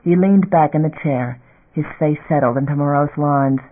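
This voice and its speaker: A man reading a science fiction novel aloud in a measured narrator's voice. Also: on the high side. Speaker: audiobook narrator. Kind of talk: scripted narration. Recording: tinny phone-like audio.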